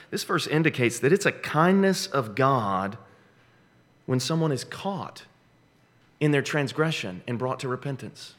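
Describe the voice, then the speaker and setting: A middle-aged man preaches with a bright, forceful voice. He drives points home through repetition, slowing down to land key phrases. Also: mid-range voice, animated. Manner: emphatic preaching with dramatic slowdowns and repeated phrases. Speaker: pastor. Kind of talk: sermon.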